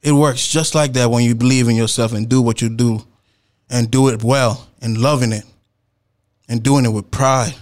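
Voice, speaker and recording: A man's voice: medium pitch, moderate pace. A man, a performance poet, telling a story in a casual, slangy way. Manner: slangy, animated retelling with laughs and acted-out quotes.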